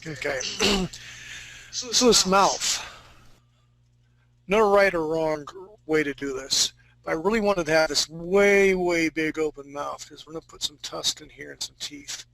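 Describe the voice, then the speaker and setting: A man's voice: on the high side, moderate pace, gravelly, fairly bright tone, slight background noise, rough recording. A man teaching a live fantasy-art drawing class, talking casually and joking with his students. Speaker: art instructor.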